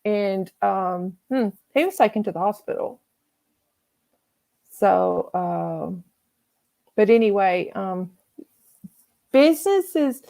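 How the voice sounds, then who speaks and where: A woman's voice: medium pitch, mellow. A middle-aged woman hosting a casual livestream, chatting and reading viewer comments aloud. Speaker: livestream host.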